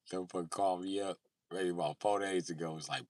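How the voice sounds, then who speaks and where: A man's voice: sits low, fairly even intonation, brisk, a little mellow, no echo. A male comedian telling crude, profane stand-up stories on a live stream.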